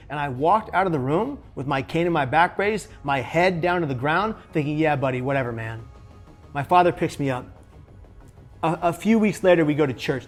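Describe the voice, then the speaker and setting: Speaking to camera, a suicide prevention speaker with a slightly high voice tells his own story with energy. He performs the dialogue of the other people involved.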